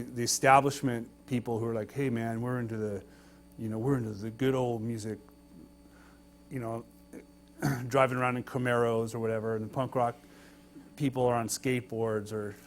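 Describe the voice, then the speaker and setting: A man's voice: mid-range voice, slight background noise. A man recalling his youth in an interview, rambling and laughing as he talks. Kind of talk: anecdotal storytelling interview.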